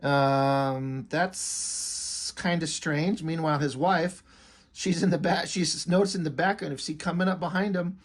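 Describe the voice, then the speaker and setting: A man casually reviewing a comic book, excited, with swearing and many fillers. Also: a little high, breathy edge.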